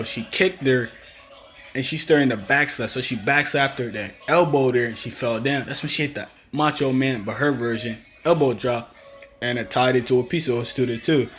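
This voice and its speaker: Young man, casual wrestling recap vlog, animated storytelling, mid pitch. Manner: animated storytelling with acted-out quotes and laughs. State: coughing, throat acting up. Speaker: wrestling reviewer.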